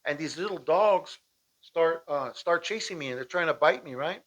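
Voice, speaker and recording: A man from Southern California tells his story in a loose, animated voice that sits on the higher side. He keeps checking in with "right?" and acts out the shouting. The home recording sounds dull and muffled. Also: moderate pace. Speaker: storyteller recounting a personal escape. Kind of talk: casual spoken storytelling. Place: at home with dogs nearby.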